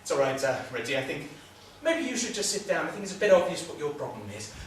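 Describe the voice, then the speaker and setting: An actor playing the coaxing, patient leader of a self-help group. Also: male voice, on the high side, very animated, fast, far from the mic. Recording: echoey room from afar, noisy.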